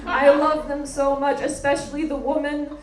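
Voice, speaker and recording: High-voiced woman doing stand-up. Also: moderate pace, a crowd in the background. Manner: animated, sardonic storytelling with mocking impressions. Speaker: stand-up comedian. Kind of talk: stand-up comedy set. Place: comedy stage with live audience. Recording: echoey room with background noise.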